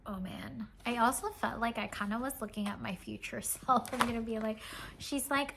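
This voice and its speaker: A woman vlogger chatting casually as she shows off craft kits, gushing and excitable, with lots of fillers and sighs. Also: fairly high pitch, brisk, slight background noise. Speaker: cross-stitch vlogger. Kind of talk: casual show-and-tell chat.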